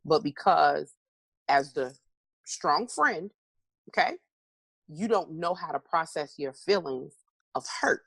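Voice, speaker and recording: A middle-aged woman guest, a motivational speaker, speaks slowly in a low, gravelly, husky voice that is animated and marked by long pauses. She tells lively stories in a candid, conversational interview, acting out her own responses. Dry recording.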